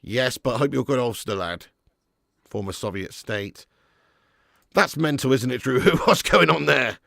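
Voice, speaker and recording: A man's voice: mid-range voice, lively intonation, a little slow, gravelly, sharp tone, no echo, clean studio sound. A man hosting a live football watch-along, chatting with viewers by name and commentating with sarcasm.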